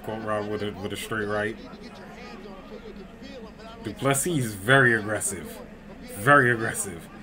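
A man giving excited live commentary on a fight he is watching, breaking into loud outbursts and swearing, alone at home. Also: on the low side, a little slow, pauses often, crowd noise. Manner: loud excited outbursts and profanity, often shouting and laughing. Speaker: fight reaction streamer. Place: home room with a cat.

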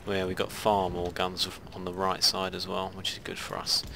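His voice sits low and sounds gravelly, delivered in a monotone at normal speed over background noise. He hosts a gaming video, rambling through casual let's-play commentary on a strategy game and muttering to himself along the way.

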